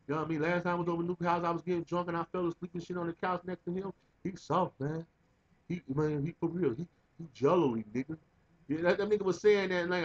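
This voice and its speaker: Brief: young guy, slightly high voice, loose profane storytelling, lo-fi recording. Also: fairly even intonation, quick pace. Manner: rambling, profane, laughing often. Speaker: vlogger. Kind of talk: casual comedic storytelling.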